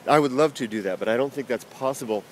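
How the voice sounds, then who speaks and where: A man's voice: medium pitch, fast talker, a little hiss or hum. A man hosting a casual chat, reading out viewer comments and reacting to them with enthusiasm.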